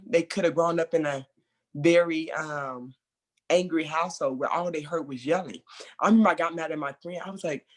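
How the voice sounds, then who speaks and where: A speaker leading a mentor training session in a conversational way, acting out remembered quotes loudly and laughing between points. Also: mid-range voice.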